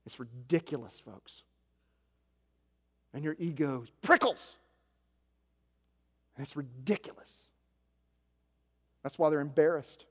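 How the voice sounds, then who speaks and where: A man in his forties from Arkansas, preaching a sermon with self-mocking stories, shifting from quiet asides to loud emphasis. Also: on the high side, takes it slowly, pauses often, slightly rough. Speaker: pastor. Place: church sanctuary. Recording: echoey hall.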